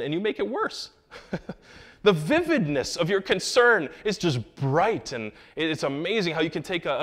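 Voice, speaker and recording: A man preaching a sermon as pastor, animated, dropping into quiet asides and rising into loud raised lines, with jokey remarks to the congregation. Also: a little high.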